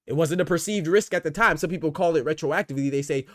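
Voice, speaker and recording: This boxing talk show host talks fast in a slightly high voice, captured in studio quality without room sound. Hosting a casual livestream, he responds to chat and makes his case, hammering points with repeated phrases.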